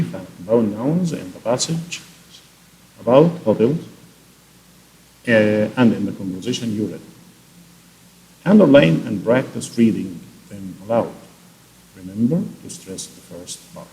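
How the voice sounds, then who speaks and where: A man's voice: on the low side, lively intonation, measured pace, creaky, pauses often, warm tone, rough recording. A man teaching a class, walking through answers one by one with filler words. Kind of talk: classroom instruction.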